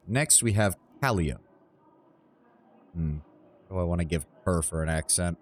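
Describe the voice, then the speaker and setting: A man's voice: low voice, moderate pace, long pauses. A man casually thinking aloud while streaming a game from his apartment, self-deprecating and full of restarts. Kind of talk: casual livestream commentary.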